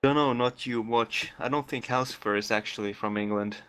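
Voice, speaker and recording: A man's voice: medium pitch, steady tone, moderate pace, fairly bright tone, clear, resonant tone. A man joking crudely with friends on a game stream. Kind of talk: casual chat with friends.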